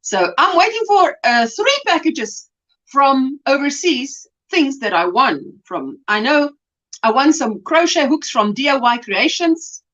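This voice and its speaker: Here a middle-aged South African woman chats casually on her livestream, reading comments and scattering greetings and fillers throughout. Her fairly bright, high voice has a sing-song lilt and moves a little slowly. The sound is lo-fi and a bit dull.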